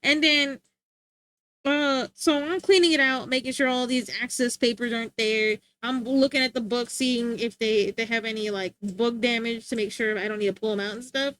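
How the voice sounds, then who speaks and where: A young woman streamer chats casually into a desk mic, slangy and animated with lots of filler words. Her voice is a little high, and she speaks at a moderate pace.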